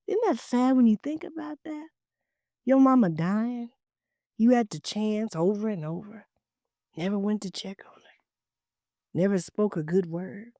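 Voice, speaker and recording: A woman hosting a talk show, telling heartfelt stories in an emphatic, preachy way with repeated phrases, dropping at times to hushed, near-whispered asides. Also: mid-range voice, a little slow, long pauses, no room sound, studio quality. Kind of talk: heartfelt storytelling monologue.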